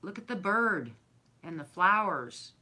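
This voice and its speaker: A chatty woman with a bright, forceful voice shows off gifts from her viewers. She gushes over every little thing in a warm, effusive, casual way. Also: medium pitch, big pitch swings, unhurried. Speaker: craft and decor vlogger.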